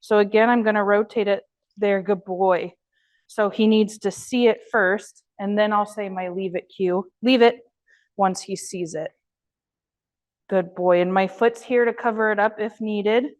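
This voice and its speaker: A woman dog trainer leading an online class, explaining steps and praising her dog in a high, happy voice between instructions. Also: steady tone, a little slow.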